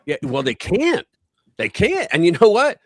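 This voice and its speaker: A man hosting a casual political live stream, talking in an animated, rambling way and acting out quotes in a raised voice. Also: sits high, measured pace, dry recording.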